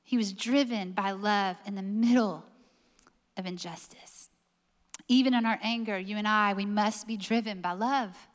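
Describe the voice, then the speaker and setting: A woman's voice: mid-range voice, measured pace, long reverb tail. A woman preaching a sermon, emphatic and full of rhetorical questions.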